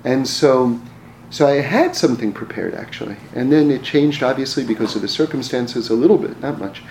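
A man's voice: mid-range voice, lively intonation, brisk, darkish tone, a little hiss or hum. A man telling personal stories in a casual, rambling way, often restarting his words and chuckling. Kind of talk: casual storytelling talk. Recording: roomy echo, faint ambience.

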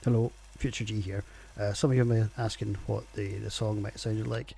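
A man's voice: fairly low pitch, level tone, fairly quick, gravelly, dark tone, a little hiss or hum. A man with a Scottish accent hosting a casual solo podcast, rambling and jokey with plenty of swearing. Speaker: podcast host reviewing beers.

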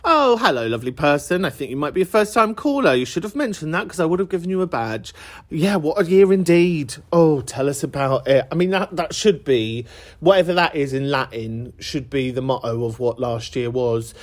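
A man's voice: fairly high pitch, lively intonation, normal speed. A man hosting a podcast, chatting casually and reacting to voicemails with bursts of laughter. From England. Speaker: podcast host. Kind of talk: casual chat answering voicemails.

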